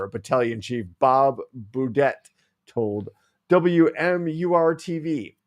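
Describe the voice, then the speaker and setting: A man's voice: medium pitch, slow pace. A man co-hosting a casual talk show, reading news items aloud and adding wry side remarks. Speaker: podcast co-host.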